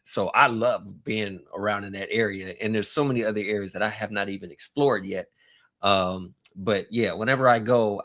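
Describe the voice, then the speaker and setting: A man hosting a casual livestream, talking in a rambling, halting way and greeting chat viewers by name with chuckles. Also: fairly low pitch, fairly bright tone. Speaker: livestream host.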